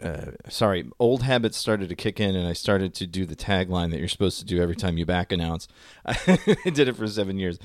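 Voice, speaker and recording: A man's voice: deep voice, brisk, few pauses, dry recording, clean studio sound. A man in his forties, a former radio DJ, co-hosting a podcast in casual chat and laughing often.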